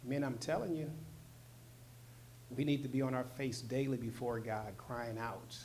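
A man preaching a sermon in a casual, slangy way, swinging from loud, emphatic stretches to soft, low asides. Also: fairly even intonation, measured pace, slight background noise. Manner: conversational, slangy, with short emphatic repeats. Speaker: pastor.

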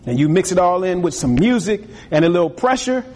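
A man preaching a sermon with a husky voice, lively and acting out other people's voices. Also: high voice, a little fast. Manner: animated, acts out voices of tempters and the king. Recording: long hall reverb.

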